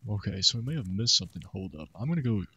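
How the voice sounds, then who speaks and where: Joking around with friends during a survival game, this man chats casually in easygoing banter. His voice is on the low side, sing-song and slightly rough, with a sharp tone and rapid-fire delivery.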